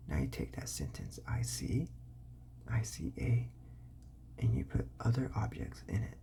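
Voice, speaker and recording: A soft ASMR whisper, dark and mellow, full of gravelly vocal fry at the edges. The host speaks casually, with ums and restarts, and slows right down to sound out simple words one piece at a time. It stays hushed throughout, like a quiet explanation. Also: mid-range voice, sing-song. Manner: casual, with fillers and self-corrections. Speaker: ASMR host giving parenting advice.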